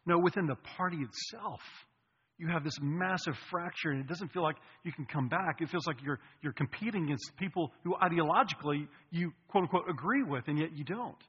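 A man's voice: fairly high pitch, brisk, breathy edge. Man preaching in a reverberant hall. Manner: conversational, jokey asides to the congregation. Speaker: pastor. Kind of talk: sermon. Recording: muffled hall recording with long reverb.

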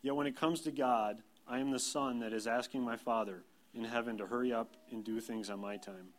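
A man's voice: medium pitch, steady tone, a little fast. A man in his thirties, a pastor, giving a sermon in a plain, conversational storytelling way, self-deprecating. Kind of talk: sermon with personal anecdotes.

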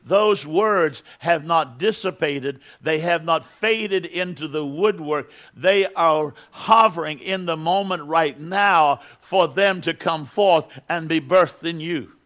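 A man's voice: a little high, takes it slowly, hardly any pauses, fairly bright tone. A middle-aged man preaching a sermon as pastor in a church, building to emphatic bursts and repeating words as he goes.

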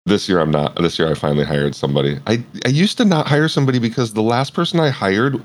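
A man hosting a podcast in casual chat, animated and joking, his voice jumping up when he gets excited. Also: fairly low pitch, fast, poor audio. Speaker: podcast host.

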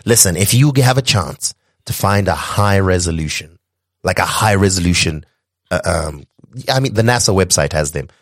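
An excitable man from Zimbabwe co-hosting a podcast, his low voice running on with restarts and asides. The sound is dry and close, with no room around it. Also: normal speed, dry recording. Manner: enthusiastic, rambling with restarts. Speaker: podcast co-host. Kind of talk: casual podcast chat.

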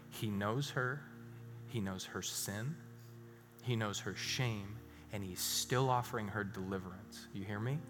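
A man preaching a sermon as a pastor, telling a story and dropping suddenly to hushed emphasis. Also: lowish voice, a little slow. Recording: reverberant hall with faint music.

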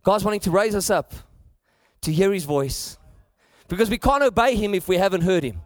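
High-voiced South African preacher. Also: male voice, lively intonation, normal speed, dry recording, studio quality. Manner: preaching with rising emphasis and repeated phrases. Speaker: pastor. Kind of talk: sermon.

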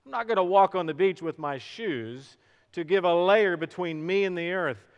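Middle-aged male pastor, dramatic sermon delivery, slow emphatic stresses, bit higher than usual. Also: clear, resonant tone, dull audio. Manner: dramatic swings from hushed to loud with slow emphatic words. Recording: long hall reverb.

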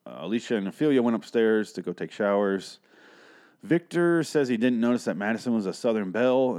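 A man's voice: lowish voice, darkish tone. A man casually recapping a TV episode, rambling with profane, sarcastic asides. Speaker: show recap host.

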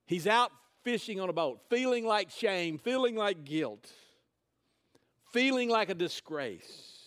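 A man's voice: high voice, fairly bright tone, smooth. A man preaching a sermon, retelling a scripture story in casual, conversational words. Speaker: pastor.

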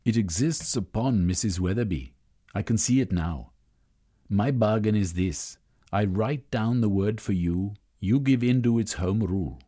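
A man voicing a cold, scheming male villain who bargains with menace, in a husky voice. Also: lowish voice, unhurried, warm tone.

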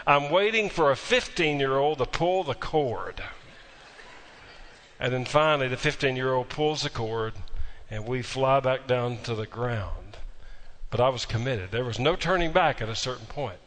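A man's voice: mid-range voice, animated, normal speed, fairly bright tone. A male pastor delivers a sermon. He tells a story with a dry, folksy humor and drives his points home with emphatic repetition. His voice carries a long reverb from a large sanctuary.

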